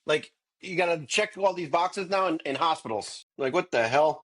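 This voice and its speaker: A man's voice: on the high side, expressive, normal speed, a bit bright. A man co-hosting a podcast, chatting casually, often laughing and egging the others on. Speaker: podcast host. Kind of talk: casual chat.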